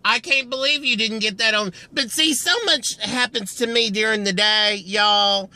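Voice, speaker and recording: A man tells a rambling story to a phone camera outdoors at a filling station, chatty and theatrical. He is cold and keeps clearing a frog in his throat. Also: high-pitched, moderate pace, no room sound. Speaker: vlogger telling a story. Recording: loud wind noise on an outdoor mic.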